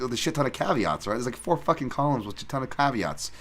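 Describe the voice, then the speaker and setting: A man's voice: medium pitch, very animated, fast talker, a bit bright. A man hosting a podcast, casually breaking down fight picks with rambling, self-interrupting, profane talk. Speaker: podcast host. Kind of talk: casual MMA betting breakdown.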